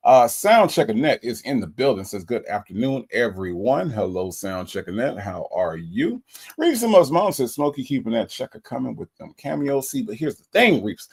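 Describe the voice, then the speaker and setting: A man's voice: medium pitch, very animated, normal speed, creaky, husky. A man hosting a casual livestream, reading out viewer comments and greeting each one in a playful way. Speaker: livestream host.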